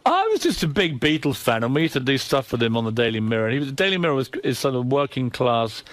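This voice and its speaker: A man's voice: medium pitch, big pitch swings, fast talker, no room sound. A man with a British accent, a newspaper editor telling cheeky, gossipy stories as a guest in an interview. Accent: British English. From Britain. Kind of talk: anecdotal studio interview.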